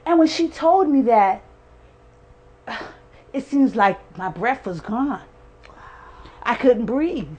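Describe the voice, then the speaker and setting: A woman's voice: a little high, lively intonation, takes it slowly, long pauses, a little mellow, dull audio. A woman in her forties giving a heartfelt personal testimony, earnest and emphatic, acting out what people said. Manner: earnest, emphatic storyteller who acts out quoted speech. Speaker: guest sharing a personal testimony.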